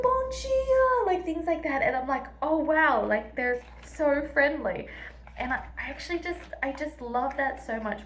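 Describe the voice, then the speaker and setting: A woman's voice: medium pitch, recorded from a distance, a little hiss or hum. Chatty Australian woman, echoey, off-mic. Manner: chatty, reflective, many fillers. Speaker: vlogger. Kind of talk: casual travel vlog. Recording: roomy, off-mic, light ambience.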